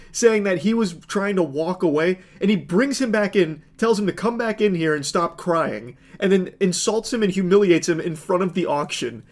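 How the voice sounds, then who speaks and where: A man giving sarcastic, incredulous comedic commentary on video clips. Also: sits high.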